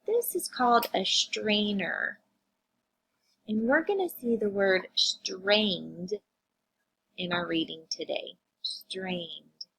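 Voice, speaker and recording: A woman teacher leads young children through vocabulary words, stretching out each sound and syllable. Her voice is gravelly and a little husky, and she speaks at an unhurried, slow pace. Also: mid-range voice, animated, fairly bright tone, rough recording. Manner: slow, drawn-out phonics sounding-out, addressing kids. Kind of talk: reading-lesson vocabulary review for children.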